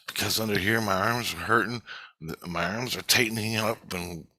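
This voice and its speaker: A man's voice: low voice, normal speed, pushed and bright, breathy edge, no room sound. A man casually telling a long, rambling personal story, swearing often and jumping between thoughts. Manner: profane, restless, digressive. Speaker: vlogger recounting spiritual experiences.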